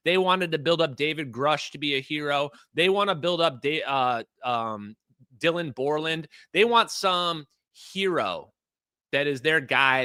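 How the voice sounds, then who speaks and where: Fired-up livestream host, man, bright edgy tone, swinging pitch, heated rhetorical rant. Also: no room sound. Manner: heated, emphatic ranting with rhetorical questions. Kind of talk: livestream commentary.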